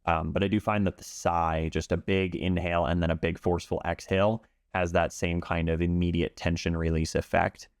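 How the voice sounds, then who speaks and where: Low gravelly calm-spoken man. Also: no echo, studio quality. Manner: calm, measured explanations. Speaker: pool instructor. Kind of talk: interview talk.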